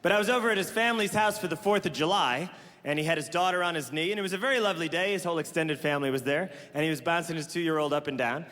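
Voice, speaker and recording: A man in his thirties performing stand-up comedy on a large theater stage, telling stories in an animated way with exaggerated voices for the people in them. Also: on the high side, very fast. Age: 30s. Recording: live hall reverb with crowd laughter.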